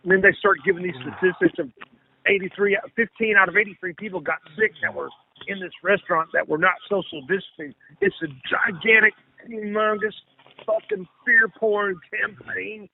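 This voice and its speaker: A man with a high, gravelly voice rambles on in a profane, repetitive way. His voice comes through a thin, phone-like line with a faint hiss underneath. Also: brisk. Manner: rambling, profane, repeats himself. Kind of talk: casual conversation. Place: lives in Texas.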